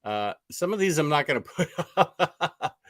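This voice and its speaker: Slow, chuckling male host. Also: a little high, very animated, fairly bright tone. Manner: laid-back, chuckling, halting with fillers. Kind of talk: casual chat.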